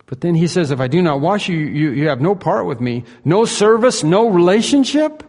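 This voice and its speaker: A pastor delivers an earnest, emphatic sermon full of rhetorical questions in a reverberant hall. His fairly high voice is animated and fairly quick, with a darkish tone.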